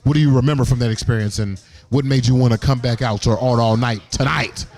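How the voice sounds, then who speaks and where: A man's voice: medium pitch, fairly even intonation, fast talker, darkish tone. A man hosting a live radio show from a gallery event, playful and hyped, repeating his lines and teasing his guests. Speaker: host.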